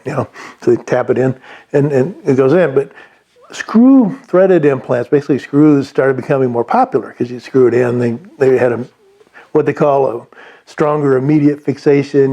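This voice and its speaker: A man's voice: medium pitch, warm tone. A man giving unscripted sales advice, rambling with many restarts and fillers. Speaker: sales trainer.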